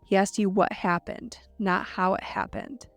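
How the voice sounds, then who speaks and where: Speaking at a measured pace with vocal fry, a woman with a mid-range voice and fairly even intonation co-hosts a podcast. She casually runs through a novel's scenes, saying "like" often and quoting characters, with soft music playing behind her.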